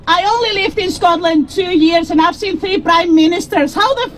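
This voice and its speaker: A woman's voice: very high-pitched, moderate pace, slight background noise, poor audio. A young woman giving a fervent speech at an outdoor political rally, laughing between points. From EU country outside the UK. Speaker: rally speaker.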